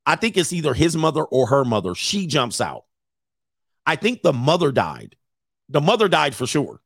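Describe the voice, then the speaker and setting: A man's voice: on the high side, huge pitch swings, normal speed, gravelly, breathy edge, no echo, studio quality. A man hosting a casual reaction stream, telling a story bluntly and with animation while he acts out quotes. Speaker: host.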